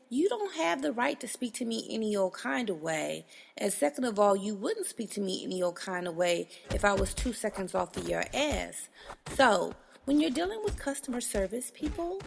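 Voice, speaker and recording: A woman hosts a casual monologue, blunt and exasperated, with frank profanity. Her mid-pitched voice has a gravelly fry, and it rings with long hall reverb. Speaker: podcast host.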